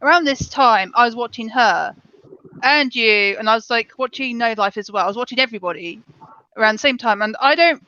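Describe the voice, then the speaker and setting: A woman's voice: a little high, a little fast, sharp tone, no room sound, dull audio. A woman guest on a livestream, chatting in a rambling, self-mocking way. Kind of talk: casual livestream chat.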